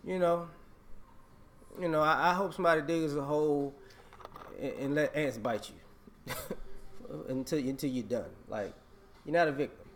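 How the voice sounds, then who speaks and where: A man's voice: on the high side, moderate pace, long pauses, a little hiss or hum. A man vlogging a casual opinion rant, emphatic and repetitive, scolding and laughing.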